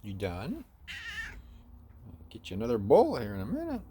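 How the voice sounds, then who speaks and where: A man talking softly to a stray cat on his porch, slipping into cooing baby talk. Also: wildly swooping pitch, moderate pace, noisy background. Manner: soft baby talk to a cat, jumps high and gentle. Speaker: vlogger feeding a stray cat. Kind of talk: casual talk to an animal. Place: outdoors on a porch.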